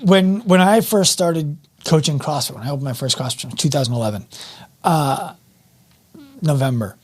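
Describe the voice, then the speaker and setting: A man with a fairly high voice, speaking at normal speed, hosts a fitness podcast as a host and fitness coach. He interviews a guest in a chatty, casual way, asking long, winding questions.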